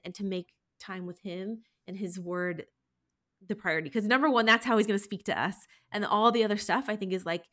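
A woman hosting a faith podcast, encouraging her listeners and responding to her co-host. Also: mid-range voice. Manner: encouraging, warm-hearted exhortation.

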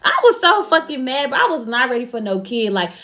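Young woman with a high voice, blunt and cussing a lot, laughing through her stories. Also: big pitch swings, a little fast, fairly bright tone. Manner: blunt, profane, laughing storyteller. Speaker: podcast guest. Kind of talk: casual storytelling chat.

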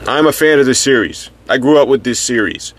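A man's voice: mid-range voice, fairly quick, husky. A man co-hosting a casual podcast, talking in an earnest, rambling way with many restarts. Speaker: podcast co-host. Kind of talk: casual chat.

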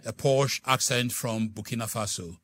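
A middle-aged male pastor preaching a sermon, swinging from soft, hushed asides to loud, dramatic exclamations. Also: medium pitch, moderate pace.

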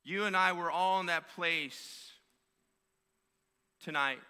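A man's voice: high voice, slow pace, bright, forceful tone, clear, resonant tone. A male pastor preaching a sermon with emphatic, repeated phrases. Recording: long hall reverb.

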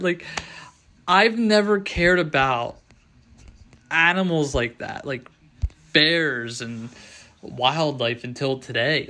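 A young man hosts a casual solo show in a slightly high voice, talking slowly and stopping often to restart. He rambles and sounds choked up, close to tears. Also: pushed and bright. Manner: rambling, halting, many restarts and fillers. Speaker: show host.

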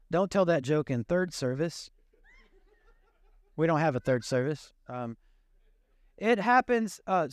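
A man's voice: sits high, clear, resonant tone, no echo, studio quality. A male pastor preaching a sermon in a casual, joking, conversational way.

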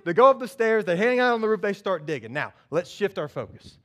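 Animated high-voiced male preacher. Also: brisk, hardly any pauses. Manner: animated storytelling, acts out characters. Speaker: pastor. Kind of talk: sermon.

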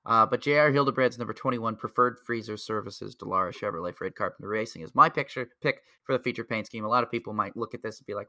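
Excitable bright-voiced man rambling casually. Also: on the low side, quick pace, hardly any pauses, no room sound, studio quality. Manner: rambling, heavy on filler words; excitable, laughs at own jokes. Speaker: podcast co-host. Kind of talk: casual chat.

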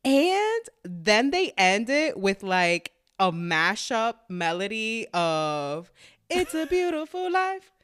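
A woman's voice: medium pitch, very animated, slow, a bit bright, clear, resonant tone. A woman who is a parent co-hosting a casual podcast, talking in a wry, laid-back way. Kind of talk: casual movie recap chat.

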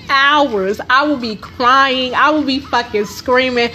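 A woman's voice: high voice, moderate pace, bright, forceful tone, a little hiss or hum. A woman hosting a podcast, telling a personal story in a casual, emphatic way, full of swearing and rhetorical questions. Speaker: podcast host.

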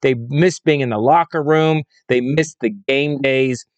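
A man's voice: mid-range voice, a little slow, dry recording, dull audio. A man hosting a solo fantasy football show, speaking with emphatic, repetitive conviction. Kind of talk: opinionated solo commentary.

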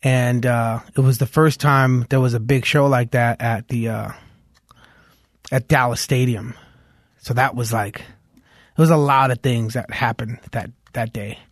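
A man from Los Angeles talks as a guest in an interview at a mid-range pitch. He tells stories in an animated, loose way, full of "like"s. His voice sits close and dry on a studio mic. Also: a little slow, no room sound. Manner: animated storyteller, heavy on "like", hums tunes aloud. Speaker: guest musician. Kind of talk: casual interview chat.

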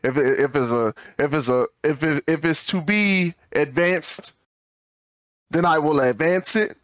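A man's voice: on the high side, measured pace, fairly bright tone, no room sound. A man co-hosting a podcast in casual storytelling chat, acting out quoted dialogue and repeating words when he gets fired up. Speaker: podcast co-host.

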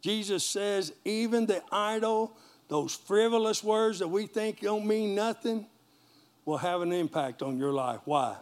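A man's voice: high voice, a little slow. A man pastor, preaching a sermon in a folksy call-and-response manner and joking with the congregation.

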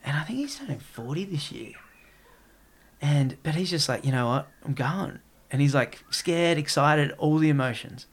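A man's voice: on the high side, expressive, moderate pace, husky. A man in casual podcast chat, rambling and peppering his talk with "like". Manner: rambling, heavy use of "like".

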